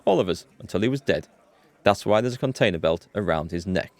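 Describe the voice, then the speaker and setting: A man's voice: low-pitched, animated, a little fast, no echo. A man reading the lines of a smug, taunting male gang boss in a game. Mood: mocking. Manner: taunting, matter-of-fact.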